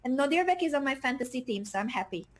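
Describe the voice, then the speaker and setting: A woman co-commentating live chess, energetic and hyping up the stream chat. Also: high voice, fast talker, a little hiss or hum.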